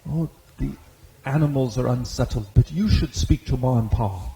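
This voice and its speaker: A man's voice: medium pitch, normal speed, dark tone, slight background noise, lightly acted, low-quality recording. A man voicing a shy young dwarf girl, a child, in an earnest and plain way. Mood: worried.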